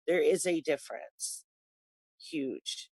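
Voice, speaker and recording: A woman, co-hosting a casual political talk show, opinionated and animated. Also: low-pitched, slow pace, husky, no room sound.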